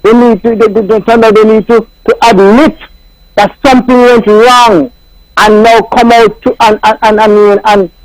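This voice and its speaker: A man from Nevis, calling in to a radio show. He speaks haltingly and repeats words as he searches for what to say. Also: high-pitched, flat delivery, dry recording, rough recording. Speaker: caller.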